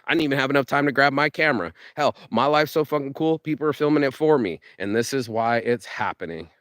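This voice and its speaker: A man giving a fired-up motivational rant, cursing freely and tripping over his words as he pushes ahead. His voice sits at an ordinary middle pitch. The sound is dry and close, with no room around it. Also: quick pace, fairly bright tone, no echo. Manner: profane, fired-up, rambling with restarts. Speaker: vlogger. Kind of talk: motivational monologue.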